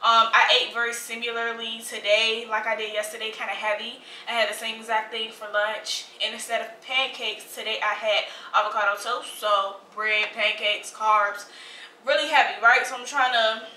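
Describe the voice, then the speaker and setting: A woman's voice: on the high side, little pitch movement, normal speed, sharp tone, reverberant, a little hiss or hum, poor audio. A young woman chatting casually to her viewers while cooking and eating in her home kitchen, playful and talkative, recorded on a phone. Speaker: food vlogger. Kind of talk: casual vlog chat. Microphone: phone camera.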